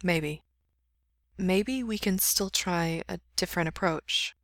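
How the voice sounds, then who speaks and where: A gentle young man speaks quietly and slowly, choosing each word with care, as a woman reading a story puts him on. The voice is low with a gravelly edge, and the dry close recording has no room sound. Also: level tone, no echo. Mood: tentative. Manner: quiet, slow and careful. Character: soft-spoken young man, gentle and careful.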